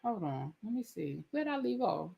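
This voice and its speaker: A woman reviewing reality TV live, talking straight to her chat in an indignant, animated way. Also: medium pitch, moderate pace, creaky, husky, highs cut off. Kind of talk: live-stream rant.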